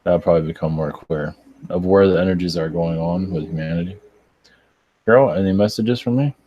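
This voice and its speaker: A tired man who works as a spiritual channeler, answering chat questions live in a rambling, halting way with many restarts. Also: deep voice, lo-fi sound, slight background noise. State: tired, yawning.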